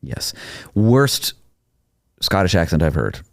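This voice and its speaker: A man co-hosting a podcast, casually recapping a TV episode with animated retellings and quoted lines. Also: low-pitched, slow, vocal fry, dry recording, studio quality. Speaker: podcast co-host.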